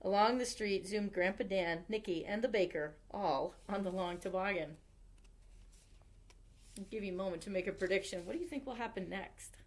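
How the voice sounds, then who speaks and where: A woman, a youth services librarian, reading a picture book aloud at storytime with expressive delivery. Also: medium pitch, normal speed.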